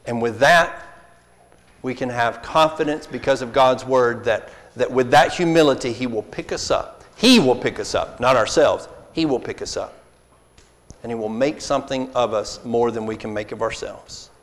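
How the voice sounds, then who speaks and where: A man's voice: medium pitch, moderate pace. A man preaching a sermon, earnest and pleading, acting out apologies to make his point. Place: church hall. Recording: long reverb of a church hall.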